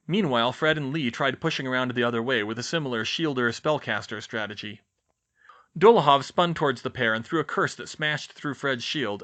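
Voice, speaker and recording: A man narrating a fan fiction audiobook in a lively, expressive reading. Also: medium pitch. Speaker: audiobook reader.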